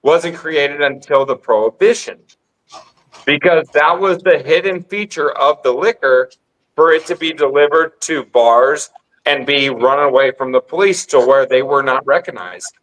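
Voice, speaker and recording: A man's voice: on the high side, unhurried, a bit bright, rough recording. A man in casual podcast chat, rambling and insistent, repeating himself as he explains. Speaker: guest on call-in podcast.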